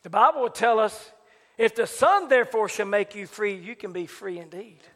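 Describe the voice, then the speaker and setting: A man preaching a sermon, building to shouted, chanted repetitions. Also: high voice, lively intonation, normal speed, in a large hall. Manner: rising to shouted, chanted preaching with repeated phrases. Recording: live church service with congregation.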